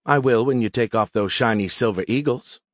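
A man's voice: medium pitch, normal speed, no echo, lightly acted. A male narrator voicing a loyal, wry female sergeant who speaks in a dry, firm way.

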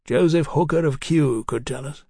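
A man doing a grand middle-aged museum curator, a notch higher and louder than the narration, brisk and wry, every sentence rolling out orotund. the recording is dry and close, with no room sound. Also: slightly rough, no room sound.

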